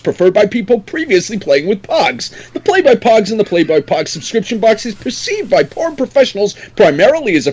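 Male co-host, high animated pitch, husky tone, comic ad read. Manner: comic alliterative delivery. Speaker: podcast co-host reading an ad. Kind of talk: rapid tongue-twister ad read.

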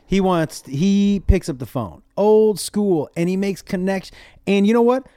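A man, a comedian guest on a podcast, telling animated, profane stories in casual chat. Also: sits high, unhurried, smooth, dry recording, studio quality.

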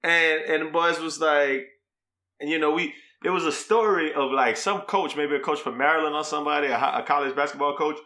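A man's voice: fairly high pitch, steady tone, fairly quick, bright, forceful tone. A young man chatting casually on a podcast, telling rambling stories and teasing his co-host. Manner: joking, rambling storyteller. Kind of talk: casual chat.

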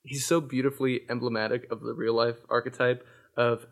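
A man's voice: medium pitch, level tone, fairly quick. A man appearing as a podcast guest, speaking in a wry, articulate way. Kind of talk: casual chat.

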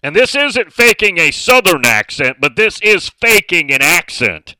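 A man's voice: high voice, very animated, a little slow, pushed and bright, smooth, no echo, rough recording. A man hosting a casual sports talk radio show from a studio, chatting and reading out listener messages.

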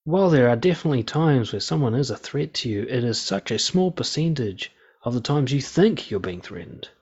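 A man's voice: mid-range voice, animated, a little fast, darkish tone, breathy edge, dull audio. A man giving a blunt, profane monologue of casual commentary, talking through his opinions.

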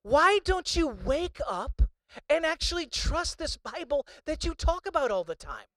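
A man's voice: very high voice, big pitch swings, unhurried, a bit bright, dry recording, voice pushed up, heavily acted. A man voicing God, stern and rebuking. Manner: rebuking, urgent repeated questions.

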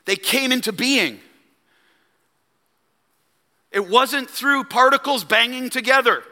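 A man preaching a sermon as pastor, emphatic, swinging between loud declarations and hushed low asides. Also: in a large hall. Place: church sanctuary.

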